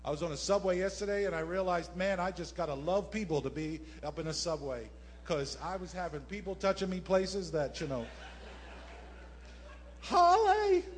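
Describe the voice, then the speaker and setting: A man preaching a sermon to his congregation as pastor, animated, with asides and quick jokes to the listeners. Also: sits high, slight background noise. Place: church sanctuary.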